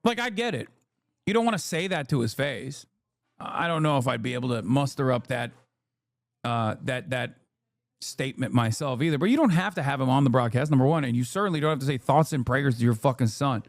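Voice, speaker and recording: A man's voice: mid-range voice, expressive, brisk, no echo. A man reacting to a news clip as a streamer, talking in a heated, sarcastic and profane way. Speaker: streamer commentator.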